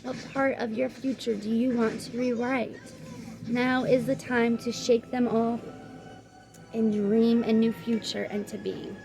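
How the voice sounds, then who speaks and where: Tarot reader, woman; calm earnest read-aloud of card meanings, slightly high voice. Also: unhurried, creaky, music in the background, rough recording. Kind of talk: reading aloud from oracle card guidebook.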